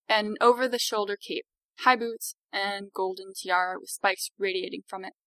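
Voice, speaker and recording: A woman narrating a story in an expressive audiobook reading. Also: medium pitch, no room sound.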